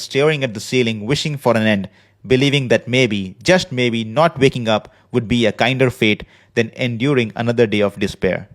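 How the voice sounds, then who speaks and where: A man hosting a podcast, speaking in an earnest, measured personal monologue from a prepared script. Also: mid-range voice. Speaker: podcast host. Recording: podcast voice recording.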